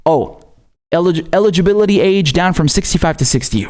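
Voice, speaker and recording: A man from Syria hosts his own political show in a raw, heated rant. He swears freely and doubles up his words as he pushes his points, and his voice sits a little high for a man. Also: a little fast. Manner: profane, animated, repeats words when worked up. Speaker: political commentary host.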